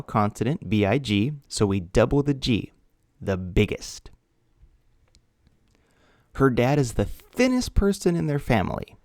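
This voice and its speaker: A man teaching an English grammar lesson, speaking slowly and deliberately, spelling out letters and repeating key words. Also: on the low side, a little mellow, no echo, studio quality. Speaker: ESL teacher.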